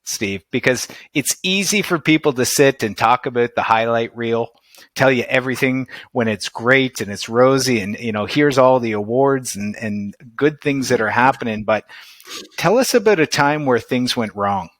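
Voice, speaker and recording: A man's voice: mid-range voice, animated, moderate pace, a bit bright, no room sound. Podcast host guy, thoughtful questions, dry close mic. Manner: thoughtful, reflective, leading with questions. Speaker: podcast host and performance coach. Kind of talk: interview questions and reflection.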